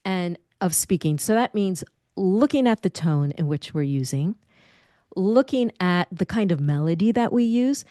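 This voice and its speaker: A middle-aged woman, a speaking confidence coach, giving lively advice in an interview and demonstrating different voice habits. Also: fairly low pitch, a little slow, no room sound, studio quality.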